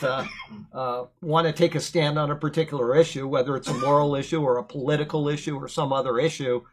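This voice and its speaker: A man teaching a Bible lesson, explaining words verse by verse and drifting into relaxed, chatty tangents. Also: medium pitch, low-quality recording. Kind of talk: verse-by-verse Bible commentary with casual asides.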